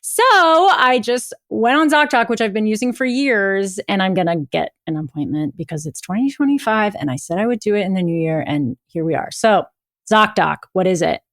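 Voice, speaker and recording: A woman's voice: mid-range voice, animated, normal speed, a bit bright, no echo. Woman, young adult, podcast host, chatty, playful, dry sound. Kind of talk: casual chat and host-read ad.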